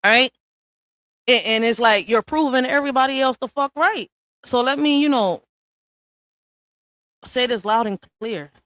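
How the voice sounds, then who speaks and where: A woman's voice: on the high side, a little slow, pauses often, fairly bright tone, dry recording. Woman streamer, tough-talking and profane, in a dry, close recording. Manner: blunt, profane, confrontational. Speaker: livestream host. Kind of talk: ranting monologue to viewers.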